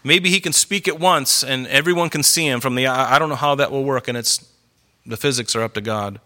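A middle-aged man preaching a sermon in an earnest, conversational storytelling way, growing animated as he goes. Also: medium pitch, brisk. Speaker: pastor.

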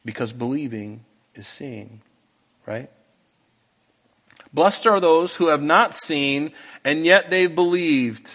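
A man's voice: on the high side, takes it slowly, long pauses, fairly bright tone. A man preaching a sermon to a congregation, earnest and emphatic, pressing his listeners with pleading questions. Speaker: pastor. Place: church hall with a congregation.

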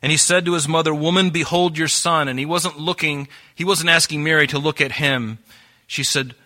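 A man preaching a sermon as pastor, animated and acting out quoted voices. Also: a little high, normal speed.

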